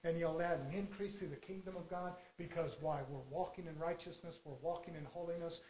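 A man's voice: a little high, steady tone, a little fast, slight background noise, rough recording. Fervent folksy preacher, man. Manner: fervent, swings from quiet asides to loud exhortation; folksy, colloquial storytelling. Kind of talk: sermon.

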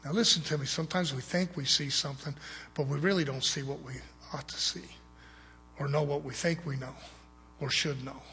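High-voiced preacher in an echoing hall. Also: male voice, fairly quick, slight background noise. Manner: animated storytelling, rising to loud emphatic bursts. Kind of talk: sermon. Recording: long hall reverb.

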